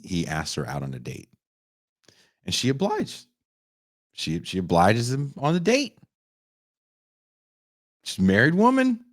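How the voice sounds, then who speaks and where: In a studio-quality recording with no room sound, a young man with a deep voice hosts a podcast reviewing a film. He gives a profane, sarcastic retelling of the plot, jumping into quick voices to act out characters.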